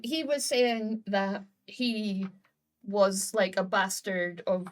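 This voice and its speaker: A woman's voice: mid-range voice, steady tone. A woman playing a tabletop game, asking about a plot detail she missed. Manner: unhurried, checking details. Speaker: player.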